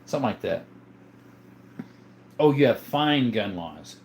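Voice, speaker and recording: A man's voice: mid-range voice, expressive, a little slow, creaky, darkish tone, a little hiss or hum. Easygoing man hosting a casual livestream. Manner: easygoing, chuckles often, thinks aloud with fillers. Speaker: livestream host. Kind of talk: casual livestream chat, reading comments aloud.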